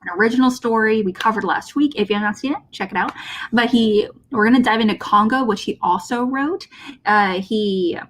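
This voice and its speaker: A woman's voice: a little high, a little fast, fairly bright tone, a little hiss or hum. A woman co-hosting a casual movie talk show, laid-back and often trailing off while searching for names. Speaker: co-host of a movie discussion show. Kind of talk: casual chat about a movie.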